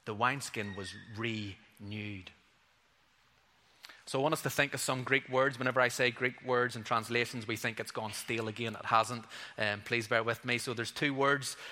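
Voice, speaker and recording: A man's voice: mid-range voice, sharp tone. A male pastor preaching a sermon. He talks earnestly and conversationally and drops in playful asides. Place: church hall. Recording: long hall reverb.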